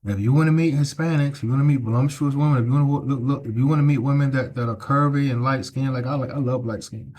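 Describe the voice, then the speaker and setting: This middle-aged travel vlogger talks fast with few pauses, his medium-pitched voice steady and a little mellow against slight background noise. Holding his phone outdoors on the street, he preaches at the camera, repeats himself, and tags points with "right?"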